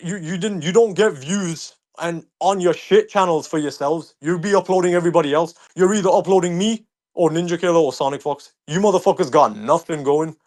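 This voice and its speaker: A young man with a Birmingham accent, a streamer being interviewed, talking casually and ranting heatedly with lots of swearing. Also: on the high side. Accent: Birmingham English. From England. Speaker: streamer, guest.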